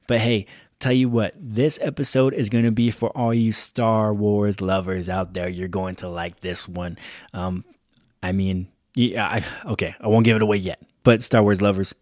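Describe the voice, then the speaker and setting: A man's voice: fairly low pitch, no echo, studio quality. A man hosting a motivational podcast, talking energetically and hyping up his listeners. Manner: energetic, hype, pumps up the listener. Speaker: podcast host.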